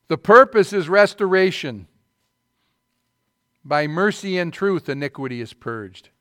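Middle-aged male pastor, sermon delivery, a touch high-pitched, emphatic with quiet asides, dry recording. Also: no echo. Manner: emphatic preaching with rising bursts and asides.

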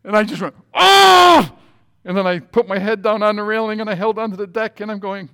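A man's voice: high-pitched, flat delivery, quick pace, clear, resonant tone. A man in his sixties preaching a sermon as a pastor, telling a personal story and often checking in with his listeners.

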